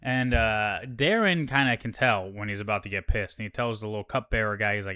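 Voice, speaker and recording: A man's voice: lowish voice, moderate pace, few pauses, pushed and bright, smooth. A man hosting a casual show recap, talking in a laid-back, profane way with lots of fillers.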